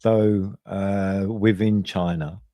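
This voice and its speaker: A British man on a live debate panel with a lowish voice. He hesitates, then pushes with probing questions, and the sound is dry and close. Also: steady tone, slow pace, dark tone, no echo. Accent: British English.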